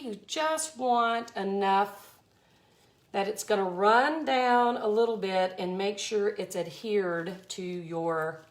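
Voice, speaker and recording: Effusive Southern woman from Mississippi, talking viewers through a live resin art demo. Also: medium pitch. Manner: chatty, effusive, exclaims often.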